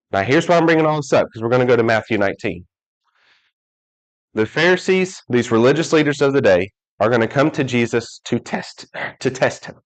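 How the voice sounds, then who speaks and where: A man's voice: medium pitch, poor audio. Joking man preaching a sermon. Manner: joking, storytelling, acts out quoted people. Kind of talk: casual sermon. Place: church hall.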